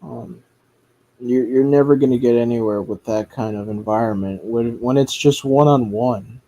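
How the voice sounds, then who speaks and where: This streamer's mid-range voice has a dark tone with the highs cut off, moving at a moderate pace. He rambles casually through his commentary, cursing a lot, using frequent fillers and restarting sentences.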